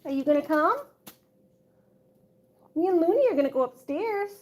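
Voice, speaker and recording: A woman's voice: very high voice, expressive, normal speed. A woman streaming live, coaxing her cat in sing-song baby talk and chatting with viewers as she reads their messages. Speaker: livestreamer with pet cats. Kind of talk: casual live-stream chat.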